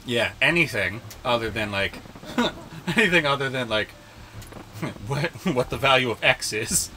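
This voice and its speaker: A man's voice: mid-range voice, measured pace, a little hiss or hum. A man co-hosting a let's-play video, chatting casually and laughing often as he plays. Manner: laughs often, lively and joking. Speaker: gaming co-host.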